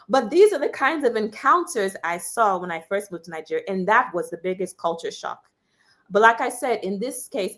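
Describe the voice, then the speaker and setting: A young woman from the United States, a journalist giving an interview, telling personal stories in a candid, animated way. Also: a little high. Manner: animated storyteller, quotes others with raised voice. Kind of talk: candid conversational storytelling.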